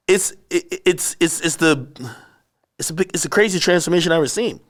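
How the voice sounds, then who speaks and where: Male guest, casual interview storyteller, animated, swears a lot. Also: a little high, fairly quick. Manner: animated storyteller, acts out shouted quotes; profane, slangy.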